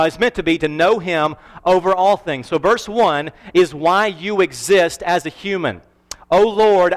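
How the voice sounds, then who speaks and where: A male pastor preaching a sermon earnestly, slowing down to stress key phrases. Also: high-pitched. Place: church sanctuary. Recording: reverberant church hall.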